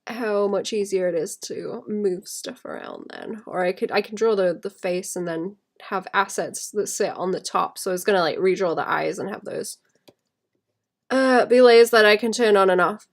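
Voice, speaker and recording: A woman talks casually while she draws on a stream. Her voice sits at a middle pitch. She rambles, thinks aloud and often breaks into soft laughs. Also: very animated, normal speed, gravelly. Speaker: illustrator streaming while drawing. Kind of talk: casual chat while drawing.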